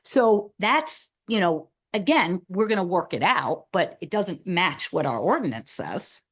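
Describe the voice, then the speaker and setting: A woman's voice: on the low side, big pitch swings, unhurried, husky. Woman, committee member at a town meeting; discursive, talks through the issue with many restarts. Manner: thinking aloud, rambling with restarts and "like". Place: meeting room.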